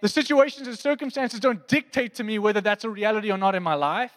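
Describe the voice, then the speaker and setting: A man preaches a pastoral sermon in a church auditorium, speaking conversationally and often putting questions to the congregation. His voice is high-pitched and fast, and the recording carries long hall reverb.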